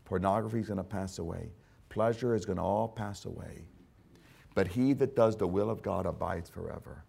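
A man preaching a sermon, fervent and repetitive, who swings from hushed asides to loud emphatic lines and calls his listeners "my friend.". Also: low voice, normal speed, gravelly, slightly rough. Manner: speaks directly to listeners as "my friend".

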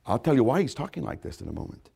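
A man preaching a sermon, swinging between loud, emphatic repetition and low, hushed asides. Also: sing-song, rapid-fire, creaky, breathy edge. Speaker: pastor.

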